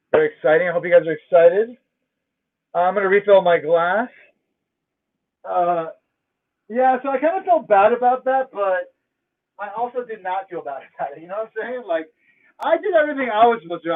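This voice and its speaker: A man hosting a livestream, telling a story in a casual, profane, emphatic rant from home. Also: high voice. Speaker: livestream host. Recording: tinny phone-like audio.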